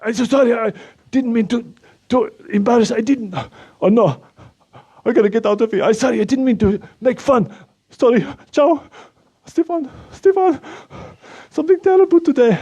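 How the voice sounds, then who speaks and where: A man voicing an excitable, proud Slovak man with a Slovak accent who speaks broken English, gushes and panics easily. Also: extremely high pitch, normal speed, long pauses, slightly rough, voice pushed up, heavily acted. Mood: alarmed.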